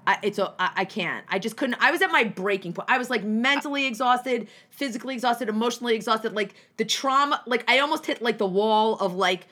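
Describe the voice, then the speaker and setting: A young woman from New Jersey tells a long story in casual conversation, her bright, slightly high voice moving briskly with hardly any pauses. Animated and rambling, she restarts often, swears freely, and acts out the people in her story with lively shifts and quotes.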